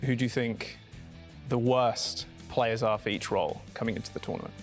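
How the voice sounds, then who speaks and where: A man with a medium-pitched voice who interviews players. He asks quick, joking questions. His tone stays upbeat and casual. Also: fairly even intonation, faint music behind.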